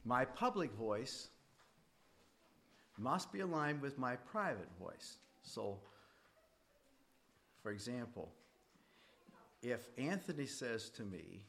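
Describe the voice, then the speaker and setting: A middle-aged man teaching a faith class in a casual, conversational way. His pitch swings widely, climbing high, then dropping low and quiet. He turns to his students with direct questions. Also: animated, takes it slowly, creaky, long pauses.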